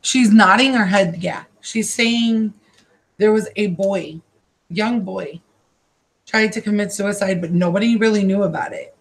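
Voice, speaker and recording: This woman is a card reader doing a psychic reading over a livestream from her room. Her pitch is ordinary and mid-range, and she talks in stop-start, repetitive spurts that return again and again with feeling.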